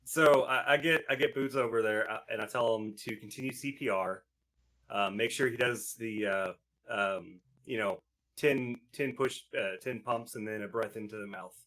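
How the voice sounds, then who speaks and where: A man playing a tabletop role-playing game, with a bright, edgy tone. He describes what his character does in halting bursts, full of fillers and restarts. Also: lowish voice. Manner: hesitant, many fillers and restarts while describing actions. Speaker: player.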